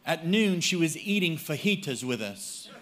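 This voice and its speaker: A man's voice: a little high, sing-song, normal speed, fairly bright tone. A man preaching a sermon in short phrases for an interpreter, telling a humorous personal story.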